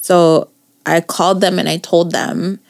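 A woman's voice: lowish voice, little pitch movement, measured pace, gravelly. A young woman co-hosting a podcast, telling a story in casual chat, acting out quotes and laughing often. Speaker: podcast co-host.

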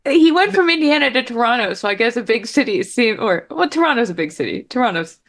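A woman's voice: a little high, big pitch swings, quick pace. A woman co-hosting a casual sports talk show, conversational and agreeable. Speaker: podcast co-host.

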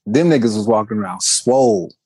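A man's voice: fairly low pitch, lively intonation, a little fast, darkish tone, slightly rough, no echo. An American man co-hosting a podcast, telling casual stories and laughing his way through them. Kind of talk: casual chat, storytelling.

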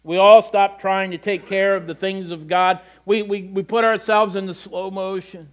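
A man's voice: sits high, flat delivery, normal speed, dull audio. A middle-aged male pastor preaching a sermon in a conversational way, with self-deprecating asides and frequent repetitions.

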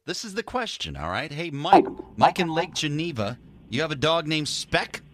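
A man's voice: on the high side, big pitch swings, normal speed, a crowd in the background. A man co-hosting a morning radio call-in show, joking and teasing the callers.

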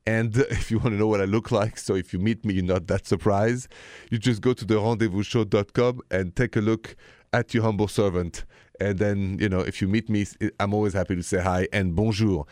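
A man's voice: fairly low pitch, darkish tone, no echo, clean studio sound. A middle-aged man from Paris with a French accent, hosting a call-in radio advice show in a chatty way, often laughing. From France. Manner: chatty, laughs easily, gives a phone number slowly. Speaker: radio relationship advice host.

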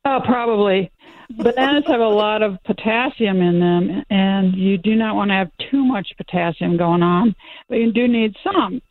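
A woman's voice: medium pitch, normal speed. A woman being interviewed by phone as an exercise expert, answering in a kind, earnest way. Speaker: phone guest, exercise physiologist. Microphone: phone line. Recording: dull phone line.

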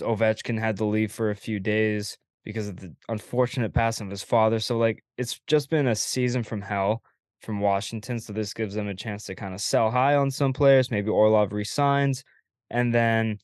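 A young man with a fairly low voice hosts a casual sports chat. He lays out relaxed, opinionated takes with the odd curse. The sound is dry and close. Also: smooth, no room sound. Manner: relaxed, opinionated, loose with fillers and swearing. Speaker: podcast host.

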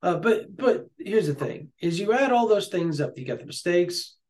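Excitable man talking college football. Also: high-pitched, moderate pace. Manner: excitable, jokey, laughs often. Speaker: sports podcast co-host. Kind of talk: casual sports chat.

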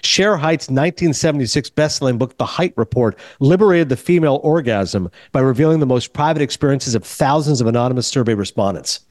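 A man's voice: mid-range voice, fairly quick, hardly any pauses, no room sound, studio quality. A man hosting a film podcast, telling a casual story and acting out the quoted lines of others. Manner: animated, acts out quoted dialogue. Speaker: podcast host.

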